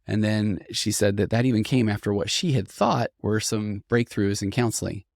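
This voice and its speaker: This gravelly, fairly low male voice moves at a moderate pace, recorded dry with studio quality. The speaker, a middle-aged therapist who hosts a podcast, reads listener stories in a conversational monologue, thoughtful and earnest in reflection but livelier whenever he quotes his listeners.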